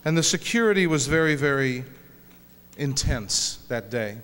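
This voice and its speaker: A man's voice: mid-range voice, lively intonation, normal speed, fairly bright tone, smooth. A man giving an inspirational speech with humorous stories to an audience, joking and telling folksy tales in a large hall. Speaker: speaker at a peace concert. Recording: reverberant hall recording.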